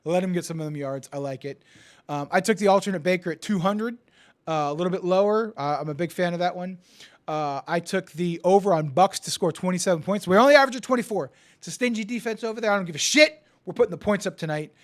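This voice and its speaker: A man co-hosting a casual sports betting chat, excitable and profane, often stammering and restarting, swinging from yelling to muttering. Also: high-pitched, quick pace. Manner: die-hard team fan, swings from yelling to muttering. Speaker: podcast co-host.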